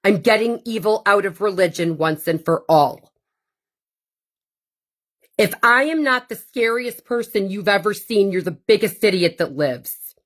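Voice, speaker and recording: A woman's voice: medium pitch, lively intonation, a little slow. A woman hosting her own podcast, delivering a blunt, profane and combative monologue with sarcastic asides. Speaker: podcast host. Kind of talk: ranting monologue.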